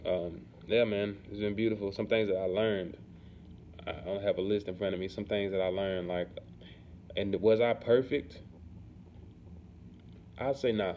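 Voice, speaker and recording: A man's voice: lowish voice, steady tone, unhurried, pauses often. Laid-back man rambling to camera. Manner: laid-back, rambling, lots of "you know what I'm saying". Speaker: vlogger. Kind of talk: casual talk to camera. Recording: dull lo-fi sound with faint background noise.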